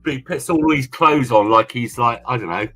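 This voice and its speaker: A man's voice: medium pitch, moderate pace, pushed and bright, soft background music. A man from England, co-hosting a livestream in rambling, casual chat and repeating himself often. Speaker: livestream co-host.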